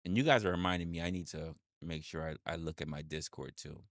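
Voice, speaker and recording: A man's voice: rumbling low, fast, fairly bright tone, no room sound, studio quality. A man hosting a livestream, reading chat aloud and reacting with repeated exclamations, swearing and laughter.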